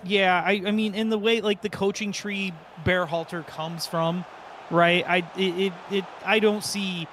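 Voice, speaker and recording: High-voiced man in rambling soccer chat. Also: a little slow, a little hiss or hum. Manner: rambling, restarts, excitable. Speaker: podcast co-host.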